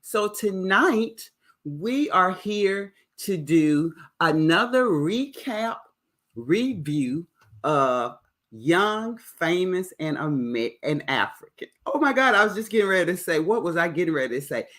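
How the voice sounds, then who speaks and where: A woman hosting a casual livestream recap of a reality show, chatty and animated as she retells scenes. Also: on the low side, measured pace. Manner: chatty, animated retelling with playful quoted voices. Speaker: host.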